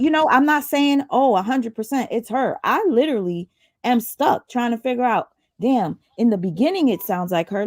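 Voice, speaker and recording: Woman host of a live chat panel, slightly high voice, dry close sound, keeps circling back with questions. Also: no room sound. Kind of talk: heated casual panel chat.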